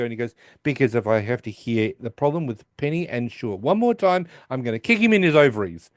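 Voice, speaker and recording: A man's voice: mid-range voice, sing-song, fast, hardly any pauses, dry recording, clean studio sound. A man co-hosting a podcast, casually retelling a TV episode and acting out the characters' lines with restarts and asides. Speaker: podcast co-host recapping an episode. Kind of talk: casual chat.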